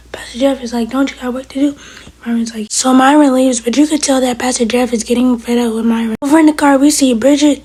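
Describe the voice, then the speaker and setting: Here a channel host and TV episode reviewer, her voice fairly high, mellow, and a bit breathy, walks through an episode scene by scene in a casual way. Character lines come out rapidly and barely differ from her own narrating voice, captured on a low-quality recording.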